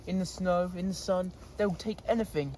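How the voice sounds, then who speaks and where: A man's voice: sits high, normal speed, dark tone, a little hiss or hum. A man chatting casually to camera outdoors in a goat pen, laughing often and scolding his animals. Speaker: vlogger. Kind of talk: casual vlog talk.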